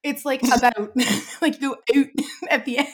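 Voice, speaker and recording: A Canadian woman with a high, bright-sounding voice chats loosely on a podcast, breaking into giggles often. Her speech is animated and easygoing. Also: unhurried. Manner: giggly, animated, laughs often while talking. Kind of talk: casual chat.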